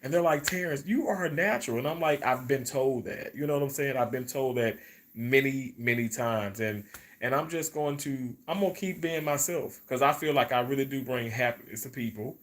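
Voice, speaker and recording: A man's voice: medium pitch, fairly quick, fairly bright tone. A man, hosting a live stream in casual, rambling chat, repeating his words and reading viewer comments.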